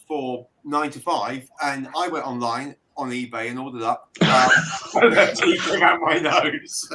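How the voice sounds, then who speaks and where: A man's voice: fairly high pitch, noisy background. A man from Britain, a band member chatting casually and telling stories with a laugh. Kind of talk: casual chat.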